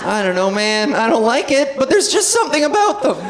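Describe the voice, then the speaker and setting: A woman's voice: high-pitched, sing-song, a little fast. A woman in her thirties performing a stand-up comedy set on a club stage, telling rambling, playful stories. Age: 30s. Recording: noisy club with laughing crowd.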